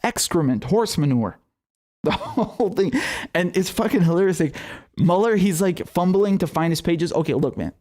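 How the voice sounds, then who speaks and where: A man's voice: sits high, moderate pace. A young man giving a heated solo political commentary, swearing often and ranting sarcastically. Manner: profane, animated, sarcastic rants.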